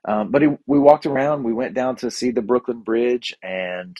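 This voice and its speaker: A man's voice: medium pitch, moderate pace, warm tone, no echo, dull audio. A man casually recounting a trip in a rambling, enthusiastic way, with frequent restarts and asides. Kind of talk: casual storytelling.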